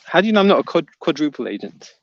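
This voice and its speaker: A livestream host with a fairly high voice, big pitch swings and vocal fry reads out chat messages quickly, poking fun at the viewers. The audio is dull, with no echo.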